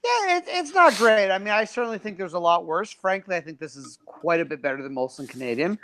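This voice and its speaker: Higher-voiced guy on a beer show, trips over his words a lot, reads out chat comments. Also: sing-song, fast, fairly bright tone, no room sound. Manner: stammering, restarts often. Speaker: beer review panelist reading comments. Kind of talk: casual chat.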